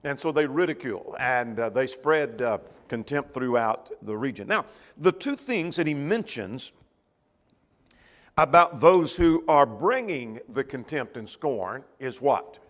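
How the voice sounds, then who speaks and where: A man's voice: mid-range voice, expressive, measured pace, in a large hall. A man teaching a church Bible class in a conversational way, asking the class questions as he goes.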